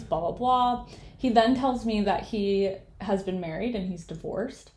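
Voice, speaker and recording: A woman's voice: medium pitch, animated, normal speed, darkish tone, slight background noise. A woman in her late twenties, co-hosting a casual podcast chat and animatedly retelling a bad date, acting out both sides of the conversation. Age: late 20s. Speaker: podcast co-host. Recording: echoey room.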